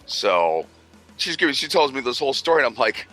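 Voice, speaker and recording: A man's voice: mid-range voice, sing-song, a little fast, sharp tone, faint music behind. A man telling a long rambling, profane story with laughter in a casual podcast chat. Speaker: podcast co-host.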